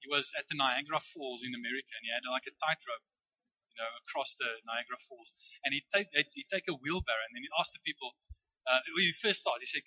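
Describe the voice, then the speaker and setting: A man's voice: medium pitch, fast, sharp tone, husky, no echo. A man preaching a sermon in a conversational, storytelling way, often checking with "right?". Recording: dull, dry lo-fi recording.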